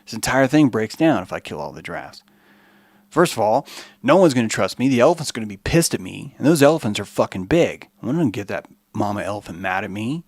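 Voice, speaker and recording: A man's voice: on the low side, sing-song, brisk, dry recording, clean studio sound. A man voicing a frustrated male lion who grumbles and swears. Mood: grumbling. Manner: profane, grumbling.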